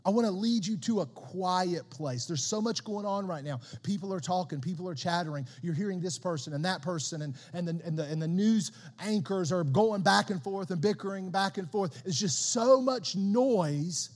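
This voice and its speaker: A man with a high voice preaches in a casual, animated way, talking to the congregation like friends and stumbling over repeated words as he pushes a point. His voice rings with the long reverb of a church hall. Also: normal speed, few pauses. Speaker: pastor. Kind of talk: sermon.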